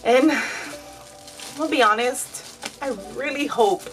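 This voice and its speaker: A woman's voice: high-pitched, slow pace, a bit bright, soft background music, low-quality recording. A woman in her thirties chatting candidly to her viewers while she dyes her hair, fillers all through. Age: 30s. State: tearful at times. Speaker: vlogger. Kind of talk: casual chat while dyeing her hair.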